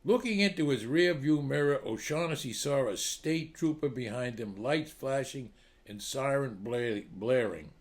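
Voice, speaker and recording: A man hosting a comedy show, telling long joke stories in a lively storytelling way. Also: medium pitch. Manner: animated joke delivery with acted voices. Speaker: comedy club host telling jokes. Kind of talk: storytelling jokes.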